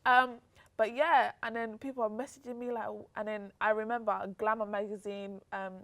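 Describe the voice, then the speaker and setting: A young British woman, a guest telling a story in casual chat, acting out the voices of the people she quotes. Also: normal speed. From Britain. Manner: animated, acts out quotes with pitch jumps. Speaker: interview guest.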